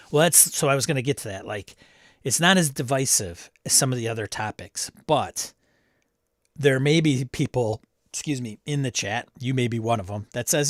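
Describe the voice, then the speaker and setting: A man's voice: mid-range voice, lively intonation, normal speed, a bit bright, no echo, clean studio sound. A man hosting a casual live-stream chat about tabletop games, greeting viewers by name, reading chat aloud and adding snarky asides. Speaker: livestream host.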